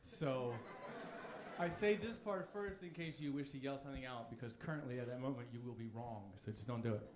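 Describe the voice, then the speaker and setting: A man's voice: mid-range voice, fairly quick, noisy background. A man in his thirties doing a stand-up routine on a comedy club stage, cocky, provocative and crude. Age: 30s. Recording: echoey club room.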